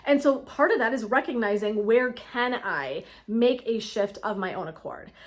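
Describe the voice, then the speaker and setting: A middle-aged woman coaching in a casual, motivational talk to camera, chatty and quick to laugh, checking in often with "right?". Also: on the high side. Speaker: women's wellness coach.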